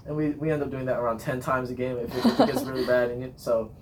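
A man's voice: medium pitch, steady tone, fast talker, noisy background. A young man, a marching band captain, chatting casually on a podcast, talkative and laughing often as he acts out his cheers.

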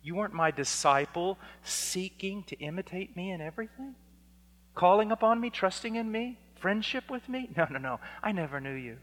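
A man preaching a fiery sermon, dropping to a hush and then rising to shouts as he acts out exchanges. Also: sits high, animated, normal speed. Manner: swings from hushed to shouting, acts out dialogues. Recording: long hall reverb.

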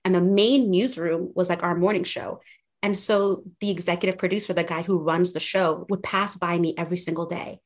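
A young woman with a fairly low voice tells her story as a guest on a podcast. She talks casually, full of fillers, and slips into animated retellings of conversations. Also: a little fast.

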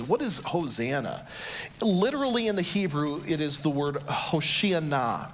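A man delivers a sermon from the pulpit, his voice sitting fairly high. He slows down and climbs in pitch when he acts out shouted quotes. A faint hum of ambience sits behind him. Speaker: pastor.

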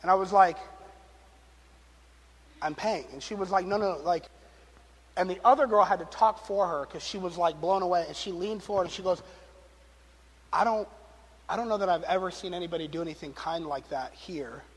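High-voiced pastor man in a big hall. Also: moderate pace, long pauses, husky. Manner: animated, acts out quotes, jokes and laughs. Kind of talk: sermon storytelling. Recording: long reverb of a large hall.

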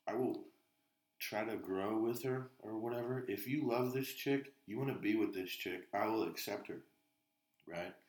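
A man's voice: fairly low pitch, normal speed, darkish tone, echoey room. A man on a podcast, telling rambling stories full of swearing in casual chat. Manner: profane, rambling storyteller. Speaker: podcast co-host.

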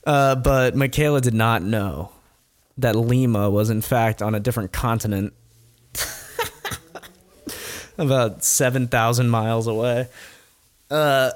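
A man's voice: medium pitch, fairly even intonation, measured pace, long pauses, no room sound. A man telling a true story in casual chat as host, rambling with chuckles and blunt asides.

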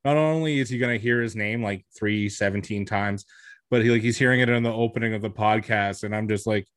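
A man's voice: on the low side, brisk. A single man co-hosting a podcast in casual chat, rambling with lots of fillers. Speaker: podcast co-host.

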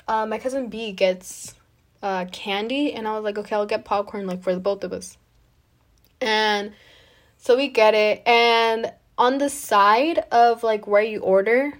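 A woman hosting a podcast, telling a personal story in a chatty way, full of "like" and "you know". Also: fairly high pitch. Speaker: podcast host. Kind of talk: casual storytelling.

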